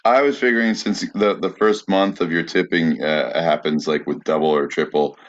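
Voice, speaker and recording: A man's voice: sits low, steady tone, moderate pace, muffled recording. A man hosting a podcast in easygoing, rambling casual chat. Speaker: podcast host.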